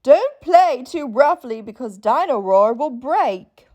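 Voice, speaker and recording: A woman's voice: high-pitched, very animated, slow pace, darkish tone, pitched above the performer's own voice, full character voice. A woman reading a storybook aloud, voicing a good-natured, bumbling father pig in a hearty, plain-spoken way.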